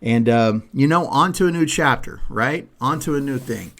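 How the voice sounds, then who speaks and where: In this casual podcast chat, the male host rambles along with lots of fillers and restarts. He has a mid-range, fairly bright voice and talks at a normal speed.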